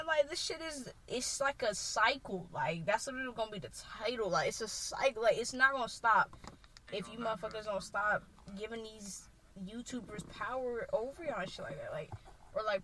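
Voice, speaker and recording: A young woman co-hosting a podcast, chatting casually and animatedly, swearing freely and acting out quotes in a loud voice. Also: a little high, a little hiss or hum, low-quality recording. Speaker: podcast co-host. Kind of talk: casual chat.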